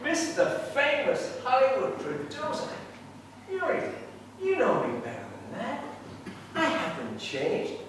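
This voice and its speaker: An amateur actor playing a smooth-talking, flirtatious Hollywood producer in a live stage play, recorded from far off in a hall. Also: male voice, extremely high pitch, wildly swooping pitch, measured pace, a bit bright, slight background noise, exaggerated voice. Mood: charming. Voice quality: wheedling, charming, eager. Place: theatre stage.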